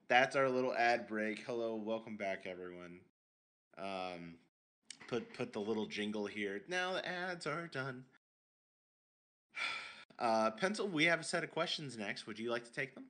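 A man's voice: medium pitch, animated, a little slow, fairly bright tone. A man co-hosting a casual podcast, explaining donations in a rambling, jokey way. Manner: rambling, self-mocking, jokey. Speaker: podcast co-host.

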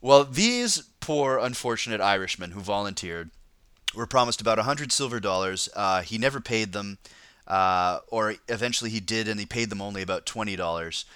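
A man's voice: fairly low pitch, expressive, moderate pace, a bit bright, clear, resonant tone, no room sound, clean studio sound. A man hosting a casual podcast, telling a history story in a rambling way, with lots of fillers and laughter. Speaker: podcast host.

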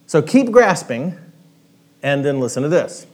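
Animated high-voiced male pastor. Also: unhurried. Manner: animated, interactive, coaching the congregation through gestures. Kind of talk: sermon.

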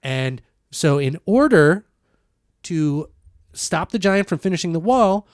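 A man hosting a casual comedic podcast, telling a long rambling story in an animated way. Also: on the high side, takes it slowly, no echo, clean studio sound.

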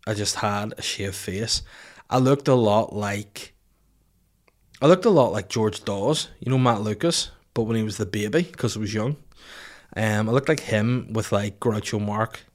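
Swearing podcast host. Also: male voice, fairly low pitch, measured pace. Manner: swearing, self-mocking anecdotes. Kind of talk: casual solo podcast storytelling. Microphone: studio microphone.

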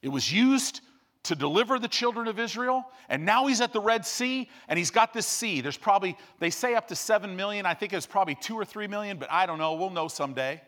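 A man preaching a sermon in an animated storytelling style, acting out quotes as he teaches. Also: sits high, a little fast.

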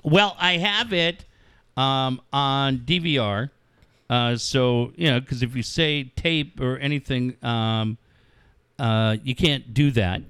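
A man's voice: mid-range voice, slow pace, smooth, dry recording, clean studio sound. A middle-aged man co-hosting sports radio, telling stories with acted-out quotes and frequent swearing. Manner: animated storyteller, swears freely, acts out quotes. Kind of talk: casual sports radio chat.

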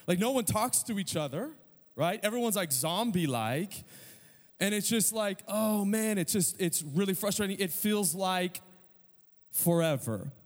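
A middle-aged male pastor preaching a sermon, telling a story with self-deprecating humor and quick asides. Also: high voice, big-room sound.

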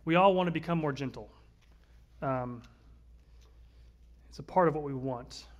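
A man, likely in his thirties, preaching a conversational sermon, earnest, swinging between louder and softer passages. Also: fairly high pitch, a little slow, highs cut off. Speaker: pastor.

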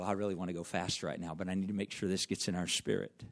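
A man's voice: low-pitched, little pitch movement, quick pace, creaky. A middle-aged man preaching a sermon, telling stories and repeating phrases for emphasis. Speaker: pastor.

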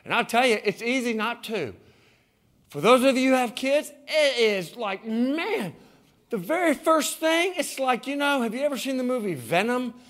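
A male pastor preaching a sermon, dropping to hushed tones and rising to shouts. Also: extremely high pitch, animated, normal speed. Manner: dramatic swings from hushed to shouting.

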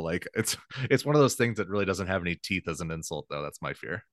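A man's voice: sits low, animated, fast, hardly any pauses, a bit bright, no room sound, studio quality. A man co-hosting a sports podcast, talking casually and rambling a bit, often correcting himself and laughing easily. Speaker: podcast co-host.

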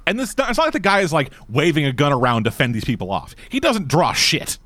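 A man tears into a film in casual podcast chat, cursing freely and speaking bluntly. His pitch swings widely as he talks, and the sound is close and dry with no room around it. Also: a little fast, no room sound. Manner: profane, blunt, animated. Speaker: podcast co-host. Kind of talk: casual movie review chat.

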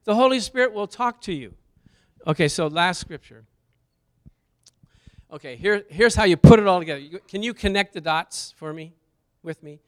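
A middle-aged man preaching a sermon, animated and jokey, asking the congregation questions and bursting into loud praise. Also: high-pitched, normal speed, pauses often. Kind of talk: sermon teaching with slides.

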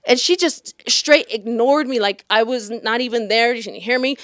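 A woman's voice: moderate pace, no room sound, studio quality. A woman telling a profane bar story in casual chat, acting out the people she quotes. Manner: animated, profane, acts out quotes in a higher voice. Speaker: storyteller guest.

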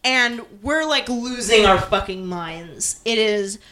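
A woman in her thirties co-hosting a casual comedic chat in front of a live audience, excitable and laughing, swearing freely. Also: medium pitch, takes it slowly. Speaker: podcast co-host.

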